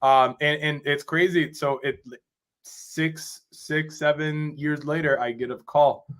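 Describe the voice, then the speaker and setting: Man, drummer guest on a podcast, casual storytelling, rambling, animated, filler-heavy. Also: a little high, slow. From Rochester, New York. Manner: rambling, animated, repeats "you know what I'm saying".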